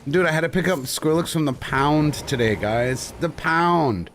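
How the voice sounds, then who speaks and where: A man's voice: on the high side, a little slow, few pauses, faint music behind. A man streaming live, chatting casually and telling stories with lots of swearing and frequent laughter. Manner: animated, swearing storyteller who laughs often.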